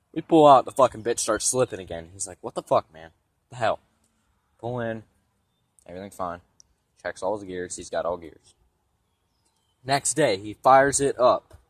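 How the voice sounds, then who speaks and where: A man's voice: lowish voice, no room sound. A young man tells a long, meandering story about his truck, swearing freely and speaking bluntly. His voice sounds stuffy from sinus trouble. He is recording himself outdoors beside parked trucks with a phone camera. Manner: rambling, profane, blunt. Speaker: vlogger giving a vehicle tour. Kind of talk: casual storytelling.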